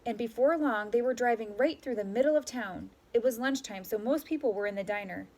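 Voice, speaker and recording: Expressive woman reading a picture book. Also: on the high side, fairly quick. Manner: expressive, animated voices. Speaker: storyteller.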